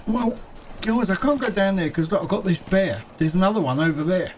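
Male game host, casual running commentary, higher-pitched, mild swearing; noisy mix. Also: brisk. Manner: chatty, muttering to himself, swears lightly. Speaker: gaming video host.

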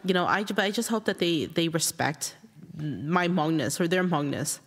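A woman telling a personal story in a reflective, halting, earnest way. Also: on the low side, lively intonation, big-room sound. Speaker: interviewed writer.

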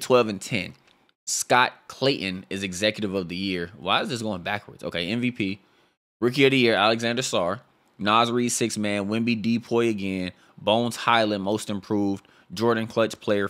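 Slangy young man reacting to a sim. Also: on the low side. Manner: excited, slangy, reacts loudly to results. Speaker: gaming YouTuber. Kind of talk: casual gameplay commentary.

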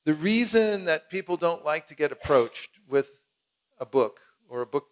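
Male seminar leader, slightly high voice, lively, acts out exchanges, coaxes the audience to repeat. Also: measured pace, clean tone. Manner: animated, acts out little dialogues, leads the crowd in repeating. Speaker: seminar teacher. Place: cultural center hall with audience.

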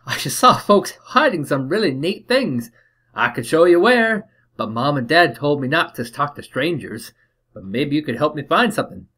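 Guy doing a high cockney homeless kid, chatty and begging, voice all over the place. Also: sing-song, normal speed, sharp tone, slightly rough, full character voice. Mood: eager. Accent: Cockney, put on. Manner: chattery, pleading, boastful. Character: scrappy homeless boy of seven, eager and wheedling.

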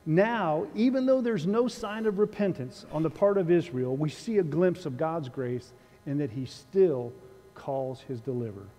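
A man's voice: fairly high pitch, warm tone, big-room sound. A male pastor preaching a sermon in a conversational, dryly humorous way, with a sarcastic wit. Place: church sanctuary.

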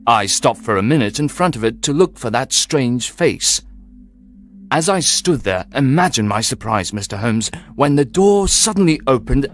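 Man, audiobook narration, clear, expressive, mid pitch, soft background music. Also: normal speed. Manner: clear, expressive first-person telling. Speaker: storyteller. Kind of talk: scripted audiobook narration for learners.

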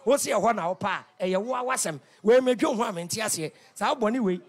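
Ghanaian male radio host, very high raspy voice, loud sing-song preaching. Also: a little fast. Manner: animated, sing-song and shouting, acts out market scenes. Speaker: radio talk show host. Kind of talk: lively preaching on radio, mixing local language with English. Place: radio studio.

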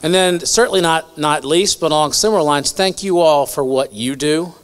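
A man's voice: on the high side, moderate pace, noisy background. A man giving earnest, grateful closing remarks at a luncheon in a banquet hall. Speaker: event host.

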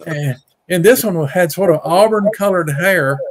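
A man's voice: high-pitched, slow pace. A middle-aged man, telling a story at home in a casual, folksy way, often repeating words and raising his voice for the quotes. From Mississippi. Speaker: guest storyteller, Bigfoot researcher. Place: home on a rural farm.

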